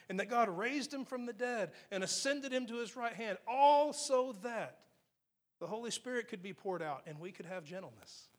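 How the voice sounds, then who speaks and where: A man preaching a sermon, earnest and teaching, slowing down to read scripture and rising to emphatic points. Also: high-pitched, fairly bright tone. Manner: slows to read scripture aloud. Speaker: pastor.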